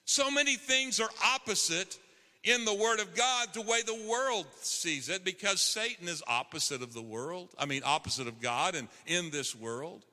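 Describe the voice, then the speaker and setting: A man's voice: high-pitched, animated, moderate pace, bright, forceful tone. A man preaching a sermon as a pastor, emphatic and conversational, rising on key phrases. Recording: long hall reverb.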